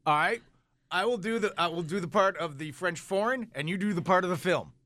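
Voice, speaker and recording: A man's voice: sits high, expressive, fairly quick, sharp tone, dry recording. A man hosting a morning radio show, running a game with upbeat, casual on-air patter. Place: radio studio.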